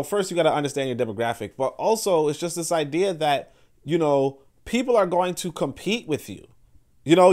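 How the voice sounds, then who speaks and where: A man with a slightly raised pitch hosts a podcast in an unscripted monologue. He rambles, restarts his sentences, and fills gaps with "you know" as he talks. He slips into quick voiced-out quotes of other people. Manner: rambling, full of fillers and restarts; acts out others' words in quoted asides. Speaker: podcast host. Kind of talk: casual monologue commentary.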